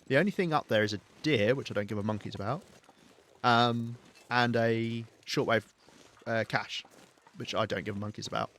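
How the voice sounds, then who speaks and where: A man's voice: mid-range voice, normal speed, a bit bright. A man with a British accent giving casual, chatty gameplay commentary as a livestreamer, talking to his chat and swearing now and then. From United Kingdom.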